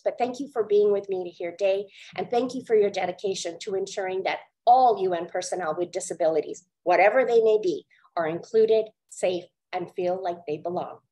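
Woman, from India, earnest storyteller, measured delivery, webinar talk. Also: mid-range voice, mellow, low-quality recording. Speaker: webinar speaker.

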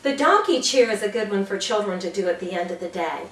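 A woman's voice: mid-range voice, expressive, fast talker, echoey room, recorded from a distance, low-quality recording. A woman demonstrating classroom cheers for teachers, bouncy, with whoops and sound effects. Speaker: early childhood teacher trainer.

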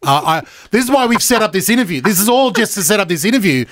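A man's voice: high-pitched, fast talker, dry recording, clean studio sound. Joking Australian man hosting radio. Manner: energetic, joking, stumbling restarts. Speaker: radio host. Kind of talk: casual radio chat. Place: radio studio.

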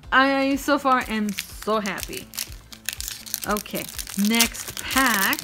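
A woman opening trading card packs on camera in a chatty, self-joking way, breaking into gasps of excitement. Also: a little high. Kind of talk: casual pack-opening chat.

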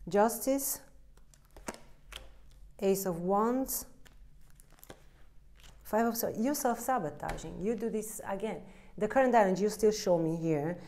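A woman's voice: medium pitch, lively intonation, unhurried, long pauses, mellow. Blunt tarot reader, Italian-accented woman. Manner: blunt and emphatic, acts out the listener's inner voice. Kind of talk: direct-to-camera tarot reading.

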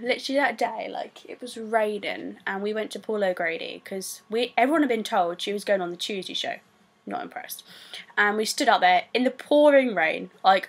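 A young woman with a British accent, telling a story to camera in a rambling, excitable way full of fillers. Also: medium pitch, breathy edge. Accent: British English. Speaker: vlogger.

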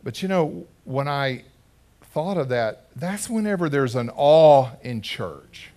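A man's voice: a little high, lively intonation, slow pace, darkish tone. Conversational male pastor telling a story. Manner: conversational, asks the congregation questions. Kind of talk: storytelling sermon. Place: church sanctuary.

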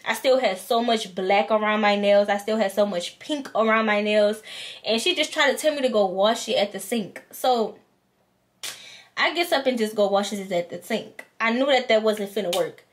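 A woman's voice: medium pitch, normal speed. A woman vlogger, animatedly telling a storytime and acting out both sides. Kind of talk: storytime vlog.

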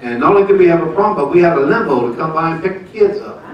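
Speaking a little high and fast with lively intonation, a pastor in his seventies shares a folksy, laughter-filled story of his marriage as part of church testimony and announcements. The lo-fi audio comes from far off in an echoey church sanctuary.

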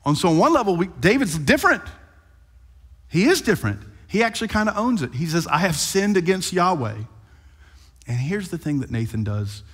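A male pastor delivers an animated sermon with playful storytelling. His voice sits on the higher side. A long hall reverb trails each phrase. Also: fairly quick, breathy edge.

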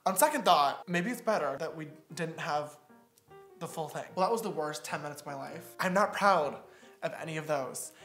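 A man's voice: fairly high pitch, lively intonation, moderate pace, fairly bright tone, reverberant, soft background music. A young man doing reaction commentary on his old videos, sarcastic and self-mocking, often laughing. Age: young adult.

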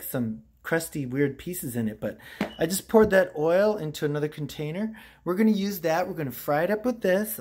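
A man hosting an improvised comedy cooking skit as a homeless cook, rambling, interrupting himself and swearing. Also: high voice. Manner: rambling, self-interrupting, profane.

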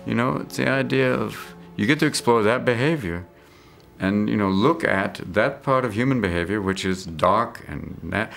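A middle-aged actor and comedian in an interview, riffing rapid-fire with sudden voices and whispers. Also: male voice, low voice, gravelly, a bit bright, slight background noise. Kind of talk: interview with comic riffs.

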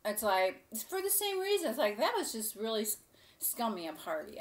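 A woman's voice: fairly high pitch, big pitch swings, a little fast. A woman hosting a casual cooking show, chatting to camera in a gushing, rambling way.

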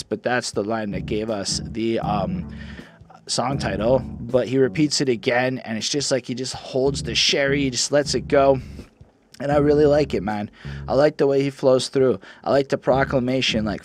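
A man's voice: medium pitch, normal speed, over music. A man hosting a podcast, giving a casual, enthusiastic track-by-track album review and swearing freely. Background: rap beat playing.

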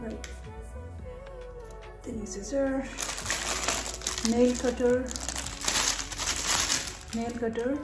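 A woman's voice: a little high, steady tone, drawn-out words, pauses often, reverberant, over loud music. A woman from a Tibetan family raised in India, chatting casually in a home vlog, repeating words as she soothes her dog. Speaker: vlogger.

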